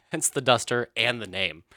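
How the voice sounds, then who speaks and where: Comedy host, male: animated and bright, a cheeky, foul-mouthed recapper. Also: mid-range voice, measured pace, dry recording, clean studio sound. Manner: animated, profane, laughs often.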